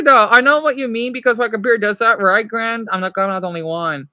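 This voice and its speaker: A man's voice: extremely high pitch, a little fast, few pauses, bright, forceful tone, clean tone, no echo. Man, livestream teacher, casual, rambling, self-correcting, dry close sound. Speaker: livestreamer teaching French words.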